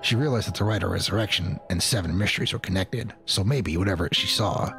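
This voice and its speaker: A man doing a gravelly, grim young hero. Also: fast talker, a bit bright. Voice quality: low gravelly put-on growl. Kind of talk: voicing game dialogue in a let's play. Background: game music.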